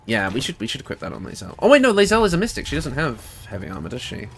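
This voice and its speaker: A British man streams a game and chats casually, thinking aloud and laughing often. His mid-range voice is husky, races along, and swoops wildly in pitch.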